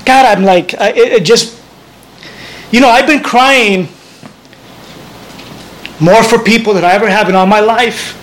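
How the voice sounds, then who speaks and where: A man's voice: sits high, unhurried, long pauses, a bit bright, poor audio. A man preaching a sermon as pastor, earnest and conversational, often restarting his phrases.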